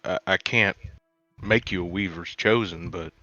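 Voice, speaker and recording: A man speaking as a tabletop player, hesitant and halting with many restarts. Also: low-pitched, sharp tone, dry recording, soft background music. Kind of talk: in-character tabletop play. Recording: dull lo-fi dry recording.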